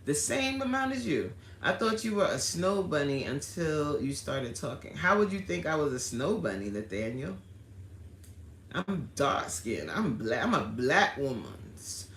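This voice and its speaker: A woman's voice: low voice, sing-song, a little slow, fairly bright tone, echoey room. A woman hosting a casual livestream, chatting and reading viewer comments aloud with lots of laughter. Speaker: livestream host. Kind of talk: casual live-stream chat.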